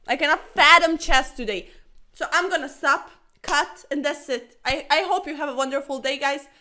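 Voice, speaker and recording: A young woman playing chess online who grumbles at her opponent, calls him sir, and swings from yelling to muttering. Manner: loud and exasperated, then low and deflated. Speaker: chess streamer. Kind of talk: frustrated chess commentary to camera.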